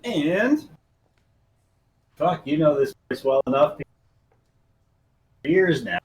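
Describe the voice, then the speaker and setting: A man's voice: fairly high pitch, sing-song, background noise. Casual male game master narrating. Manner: casual, swearing, halting narration.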